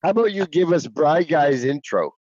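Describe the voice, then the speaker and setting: Excitable, lively-voiced man on lo-fi mic. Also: fairly high pitch, moderate pace, no room sound. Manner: excitable, laughing, teasing. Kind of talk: casual chat. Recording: dull lo-fi sound.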